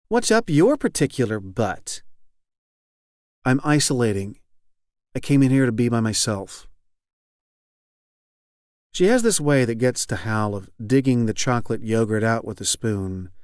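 A man reading literary fiction aloud as an audiobook narrator, measured and even. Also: mid-range voice, dry recording, studio quality. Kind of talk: scripted narration.

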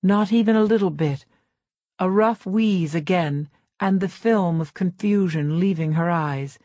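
A woman narrating a novel in the first person, in a measured, reserved way. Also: lowish voice, dark tone, dry recording, clean studio sound. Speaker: audiobook narrator. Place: recording studio. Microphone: close studio mic.

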